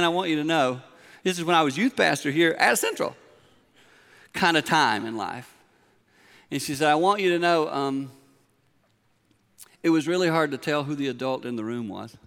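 A middle-aged man, preaching a sermon in a large church, moving from quiet storytelling to emphatic points. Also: fairly high pitch, clean tone. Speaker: pastor. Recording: long hall reverb.

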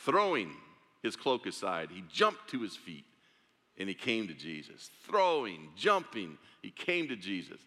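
A man's voice: on the low side, wildly swooping pitch, a little slow, bright, forceful tone, in a large hall. A man preaching a sermon, telling a story with drama and acting out the voices of its characters. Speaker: pastor.

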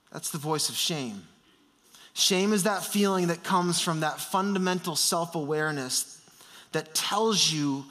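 A man's voice: a little high, moderate pace, sharp tone. A man in his thirties preaching an earnest sermon, building emphasis through repeated phrases. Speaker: pastor.

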